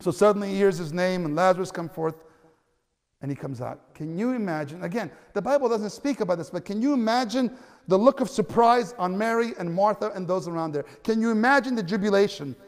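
In an echoing church hall, a pastor whose voice is high and light delivers a sermon a little fast. He's lively and chatty, tossing in asides, tripping over restarts, and crying out loudly at the peaks.

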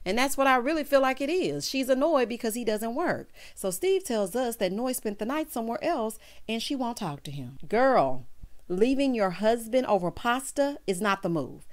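A woman giving a sassy, animated recap of a reality show, quoting the couples in put-on voices. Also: a little high, moderate pace. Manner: sassy, animated, quotes people in character voices. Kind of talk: casual commentary recapping an episode.

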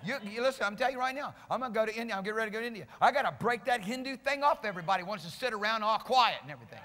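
A male pastor preaching a sermon with fervor, rising at times into shouting. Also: high voice, lively intonation, very fast, hardly any pauses, long reverb tail. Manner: impassioned preaching, builds to shouting. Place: church sanctuary.

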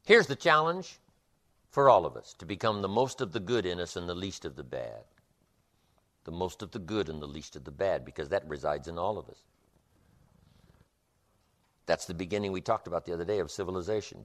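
A man delivers a motivational speech with emphatic, rhythmic repetition. His voice sits low and swings widely in pitch. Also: a bit bright. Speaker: motivational speaker.

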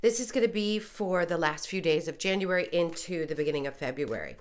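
A low-pitched woman gives a casual tarot reading, her voice stuffy and congested from a recent illness. She talks in a chatty, loose way, with little apologies and ums along the way. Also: expressive, brisk. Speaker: tarot reader.

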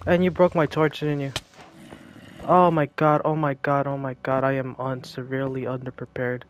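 A man giving casual gameplay commentary, jokey and excitable, talking to himself and to the game's creatures. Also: medium pitch, moderate pace, highs cut off, a little hiss or hum.

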